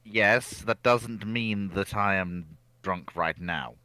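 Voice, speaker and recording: A man's voice: fairly low pitch, slow, sharp tone, no echo. A man playing a team game with friends, defensively denying he is drunk. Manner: protesting, defensive. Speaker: player. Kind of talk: casual game chat.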